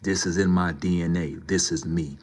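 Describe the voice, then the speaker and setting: A man with a very low voice talks to his live viewers. He lectures in an emphatic way and repeats his points again and again, in a loose and casual manner. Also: steady tone, moderate pace. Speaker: livestreamer. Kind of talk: casual live-stream talk to chat.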